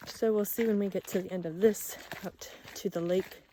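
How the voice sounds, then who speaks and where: A woman's voice: mid-range voice, steady tone, normal speed, dark tone, a little hiss or hum. A young woman talking casually to her camera while hiking alone on a forest trail, slightly out of breath and chatty about watching for bears. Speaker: vlogger.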